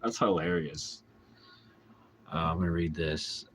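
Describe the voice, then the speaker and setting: A laid-back American man with a low, husky voice, talking casually to his viewers at night. He rambles playfully and laughs easily as he answers their messages. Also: expressive, takes it slowly, pauses often, fairly bright tone. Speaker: vlogger answering chat. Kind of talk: casual late-night chat.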